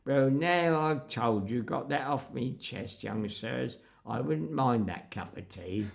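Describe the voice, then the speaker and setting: An older man playing a polite, deferential country constable who speaks slowly and formally in a rustic way. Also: mid-range voice, animated, creaky. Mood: relieved.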